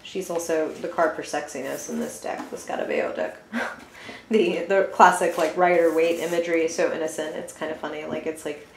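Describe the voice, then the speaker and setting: A woman's voice: low voice, fairly even intonation, fairly quick, gravelly, a little hiss or hum. Chatty woman tarot reader, roomy echo. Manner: chatty, giggly, lots of filler words. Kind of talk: casual tarot reading video. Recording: echoey room.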